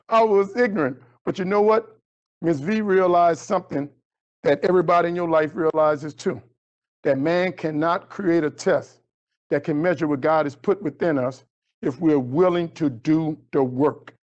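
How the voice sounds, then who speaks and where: Animated storytelling man, high voice. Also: measured pace, dull audio. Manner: animated storyteller acting out dialogue with big pitch jumps. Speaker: motivational speaker. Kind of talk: storytelling keynote speech.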